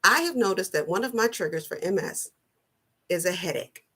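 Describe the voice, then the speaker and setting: A middle-aged woman giving a personal motivational talk, slow, earnest and deliberate, often repeating her phrasing. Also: lowish voice, expressive, fairly bright tone, slightly rough. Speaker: wellness vlogger.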